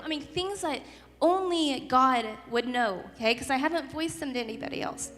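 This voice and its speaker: A woman's voice: high-pitched, expressive, moderate pace, a bit bright. Earnest woman speaking in an echoey hall. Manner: earnest, emotional storytelling. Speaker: youth group speaker. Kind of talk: testimony to a youth group. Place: youth service hall.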